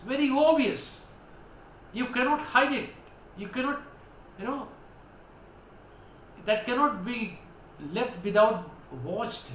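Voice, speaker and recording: Indian guy teaching english words, high voice, really emphatic, roomy echo + a little noise. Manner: emphatic, declamatory, spells words out letter by letter. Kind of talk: vocabulary lesson. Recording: echoey room with faint background noise.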